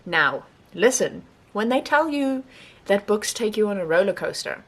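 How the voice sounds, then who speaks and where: A young woman talks through her month's reads in a loose, chatty way, rambling on and laughing as she goes. Her voice sits at an ordinary middle pitch for a woman, and she sounds animated and unscripted. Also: normal speed. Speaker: book vlogger. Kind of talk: casual monthly reading wrap-up.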